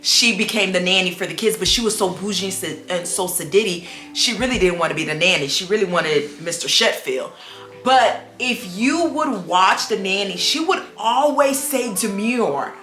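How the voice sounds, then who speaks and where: A young adult woman chatting casually for her vlog, sassy and playful, with animated storytelling and quick asides. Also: medium pitch, reverberant, soft background music. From United States. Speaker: vlogger. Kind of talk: casual chat. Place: home room with a dog.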